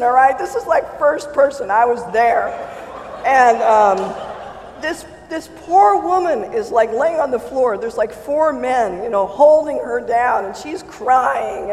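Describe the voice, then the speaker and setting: A churchgoer telling a personal faith story in a casual, animated way, often exclaiming and laughing mid-sentence. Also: mid-range voice. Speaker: churchgoer sharing a personal testimony. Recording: roomy hall with long reverb and faint ambience.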